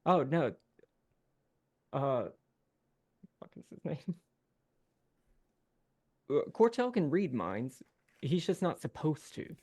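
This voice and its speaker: A man narrating as game master in a rambling, halting way with many fillers. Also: on the high side, big pitch swings, darkish tone, slightly rough.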